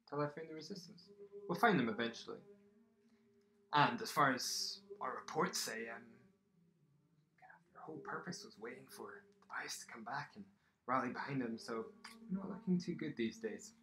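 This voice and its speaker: A man voicing a menacing lord who bargains with prisoners and calmly threatens to burn the city. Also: medium pitch, moderate pace, pauses often, close to an everyday voice, low-quality recording. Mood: threatening. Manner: cold, calculating threats.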